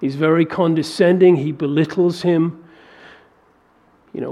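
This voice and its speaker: A man preaching a sermon to a congregation, animated and acting out biblical dialogue in a raised voice. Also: on the high side, normal speed, dull audio. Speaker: pastor.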